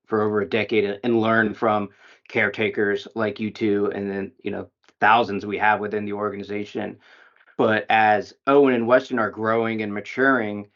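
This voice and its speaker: A man's voice: on the low side, fairly bright tone. A man hosting a podcast, a parent himself, speaking in a reflective, slightly rambling way. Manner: thoughtful, reflective, a bit rambling. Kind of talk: casual interview chat. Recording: dull lo-fi audio.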